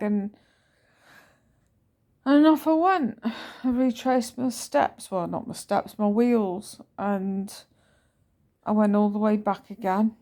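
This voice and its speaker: A woman's voice: mid-range voice, takes it slowly, long pauses, mellow. A woman telling a personal story in a casual, rambling vlog. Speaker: vlogger.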